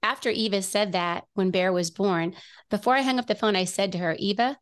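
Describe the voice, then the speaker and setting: A woman's voice: medium pitch, brisk, clean tone. A middle-aged woman telling an earnest personal story as a guest on a faith talk show, often restarting her sentences.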